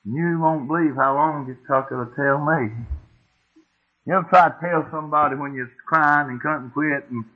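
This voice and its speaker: A man's voice: a little high, normal speed. A middle-aged man, preaching a sermon as a folksy, homespun story, often asking the congregation questions. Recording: tinny phone-like old tape.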